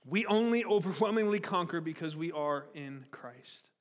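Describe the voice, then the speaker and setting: Guy preaching, high-ish voice, lots of questions to the crowd, big echoey church hall. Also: moderate pace. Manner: animated preaching, rhetorical questions to the congregation. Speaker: pastor. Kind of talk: sermon. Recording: long hall reverb.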